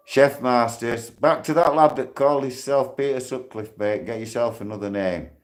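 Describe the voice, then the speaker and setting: Man, 60s, streamer; slow, heated, blunt delivery with swearing. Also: mid-range voice, darkish tone. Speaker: live streamer. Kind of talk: casual live stream talk with shout-outs.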